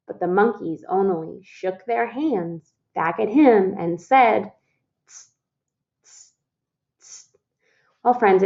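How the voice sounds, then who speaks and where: A woman reading a picture book aloud to children, expressive, calling her listeners "friends" and asking them questions. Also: on the low side, vocal fry, lo-fi sound. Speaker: storytime reader.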